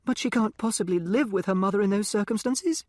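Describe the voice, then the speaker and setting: A man voicing a sheltered, excitable upper-class young girl who talks in a breathless, well-spoken gush. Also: high voice, a little fast, no echo, studio quality, pitched above the performer's own voice, lightly acted. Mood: earnest.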